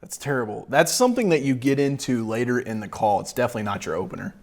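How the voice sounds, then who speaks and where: A middle-aged sales coach in casual reaction commentary. He talks bluntly and mockingly, swears freely and laughs often. His voice sits at an everyday middle pitch. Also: lively intonation, fast.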